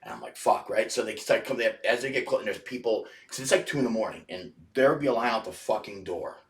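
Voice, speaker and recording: Talking quickly, a deep-voiced man rambles through a profanity-laced anecdote as a podcast guest, looping back and restarting his lines as he goes. The mic catches him from a slight distance, with an echoey room around him.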